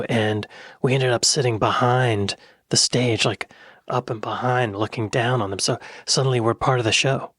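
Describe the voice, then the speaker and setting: A man hosting a reaction video. He talks in a playful, joking way and often drops into soft whispered asides. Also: medium pitch, breathy edge, no room sound, studio quality. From United States. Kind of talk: casual reaction commentary.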